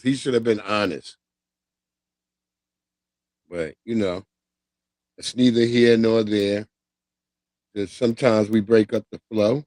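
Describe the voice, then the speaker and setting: A man's voice: medium pitch, fairly even intonation, measured pace, pauses often, dry recording. A man from the United States hosting a livestream in casual chat, blunt and laid-back with rambling opinions. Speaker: livestream host.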